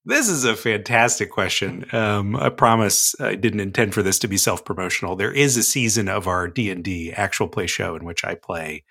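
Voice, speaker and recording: A man's voice: fairly low pitch, moderate pace, gravelly, few pauses, bright, forceful tone, slightly rough. A man on a podcast, chatting playfully about cowboy sayings and his actual play show, laughing often. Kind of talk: casual podcast chat.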